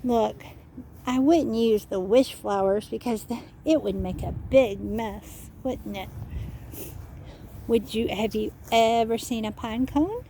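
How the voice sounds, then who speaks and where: Woman guiding kids outdoors, teacherly and patient, slow delivery, mellow tone. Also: fairly high pitch, a little hiss or hum. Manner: patient, teacherly, keeps asking children questions; spells words out letter by letter. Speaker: children's educator. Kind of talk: nature walk talk for children. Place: outdoors on a walk.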